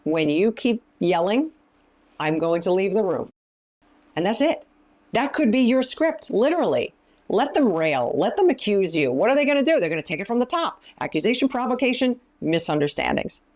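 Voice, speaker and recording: A woman's voice: mid-range voice, very animated, fairly quick, a little mellow. A woman counselor and minister teaching in an interview, speaking emphatically and giving practical advice. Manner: emphatic, often acting out quoted lines.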